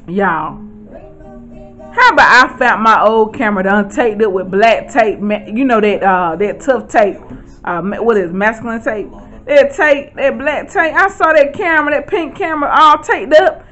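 A woman, chatting excitedly to viewers at home as she shows off her shopping haul. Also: a little high, moderate pace, muffled recording, soft background music. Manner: chatty, excitable, keeps addressing viewers as y'all. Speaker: vlogger. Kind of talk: casual haul vlog.

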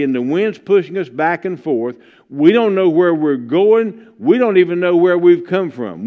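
A male pastor preaches in a church with a slightly high voice, stacking up rhetorical questions in a steady cadence. The sound is dull and lo-fi, like a muffled livestream. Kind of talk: sermon.

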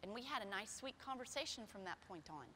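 A middle-aged woman pastor preaching a sermon with personal stories in a church, shifting from soft, quiet passages to loud, emphatic ones. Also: medium pitch, expressive, quick pace, slight background noise. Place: church sanctuary. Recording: long hall reverb.

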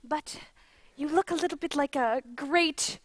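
A woman's voice: high voice, measured pace, no room sound. Woman playing a haughty cackling witch queen. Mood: scornful. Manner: cackling, scornful, draws out words. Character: haughty cruel queen, imperious and mocking. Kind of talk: audio drama acting.

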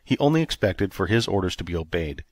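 A man narrating an audiobook in a steady, even storytelling manner. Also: deep voice, fast talker, no room sound. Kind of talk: scripted narration.

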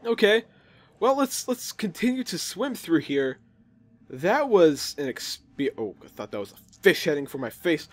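A young man casually commenting while playing a video game, chatty and jokey with quick reactions. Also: on the high side, sing-song. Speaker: gaming video host. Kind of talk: casual let's play commentary.

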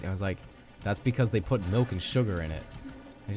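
Young male let's-play host, chatty and upbeat, low voice, game music underneath. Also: fast, darkish tone. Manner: chatty, upbeat, playful asides. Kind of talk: casual gameplay commentary.

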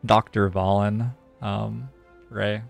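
Male streamer, deeper register, unhurried over-explainer of every move, soft game music under him. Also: gravelly. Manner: relaxed, thinks aloud, explains at length with frequent "like". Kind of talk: casual live-stream gameplay commentary.

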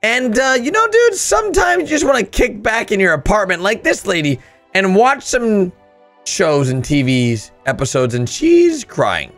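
A man hosts a casual reaction commentary, his high voice leaping all over the place as he gasps and breaks into loud laughter. He talks at an easy, drawn-out pace. Faint music plays underneath. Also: very animated. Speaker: host.

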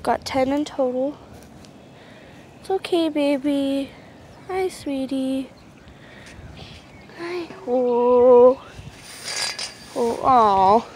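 This young woman's high, slightly mellow voice draws out its words and pauses often. She's outdoors at a horse pasture doing chores, rambling chattily into a handheld camera and talking sweetly to her horses, with plenty of outdoor noise.

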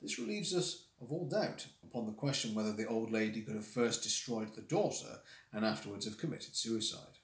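A man reading as a cool, lecturing gentleman detective. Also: fairly low pitch, lively intonation. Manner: measured, lecturing, reasoning aloud. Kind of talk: reading a classic story aloud on a livestream. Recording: roomy echo.

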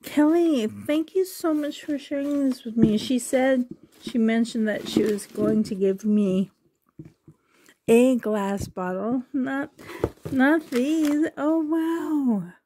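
A woman's voice: high voice, slow, background noise. A woman opening a package on her vlog, gasping with delight, dropping into whispers, emotional and close to tears. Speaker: reborn doll collector, channel host. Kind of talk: excited unboxing vlog.

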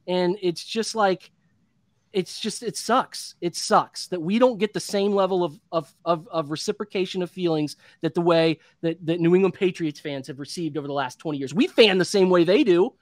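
A man's voice: high voice, moderate pace, dry recording, clean studio sound. Fired-up man in his thirties, ranting. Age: 30s. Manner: heated, frustrated, rambling with restarts. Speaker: sports podcast analyst. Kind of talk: impassioned podcast rant.

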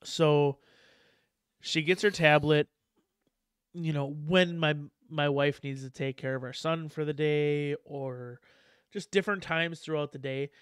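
A man's voice: fairly high pitch, fairly even intonation, unhurried, clean tone, no echo, studio quality. A man in his thirties chatting casually on a podcast, laughing often and swearing freely. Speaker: podcast guest. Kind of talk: casual chat.

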